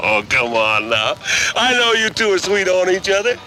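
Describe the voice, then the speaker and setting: A man's voice: high voice, very animated, normal speed, full character voice, rough recording. An actor playing a folksy, evasive Southern small-town mayor with a Southern accent, chuckling as he talks, in a 1960s film. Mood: sly, folksy. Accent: American Southern. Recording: 1960s film soundtrack with loud music.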